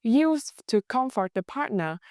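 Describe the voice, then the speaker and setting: A woman with a Vietnamese accent teaching a language lesson in a clear, patient, scripted way. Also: fairly high pitch, big pitch swings, measured pace, darkish tone, no echo, clean studio sound.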